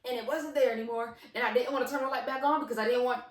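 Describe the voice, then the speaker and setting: A woman imitating her younger brother, a jumpy, extremely animated boy who is scared, heard in a roomy space from a slightly distant mic. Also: very high voice, rapid-fire, voice pushed up. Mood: scared, insistent. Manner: extremely animated, rambling in fright.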